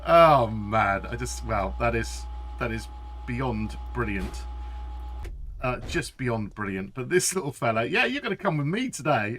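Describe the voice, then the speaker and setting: A man giving live gameplay commentary, excitable and thinking aloud as he plays. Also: mid-range voice, moderate pace, a little hiss or hum. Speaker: streamer.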